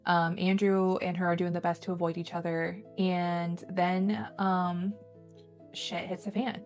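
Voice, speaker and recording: Woman, lowish voice, casual book podcast, long plot recap, acts out quotes, faint music behind. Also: flat delivery, measured pace, a little mellow. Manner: retells the plot at length, slipping into characters' quoted lines. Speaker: podcast co-host.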